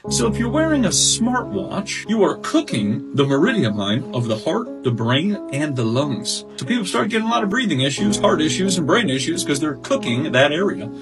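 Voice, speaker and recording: A man lectures with confidence, his fairly high voice jumping all over the place as he explains. Guitar music is clearly heard under him throughout. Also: sing-song, moderate pace, hardly any pauses. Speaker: wellness speaker. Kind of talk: explanatory podcast talk.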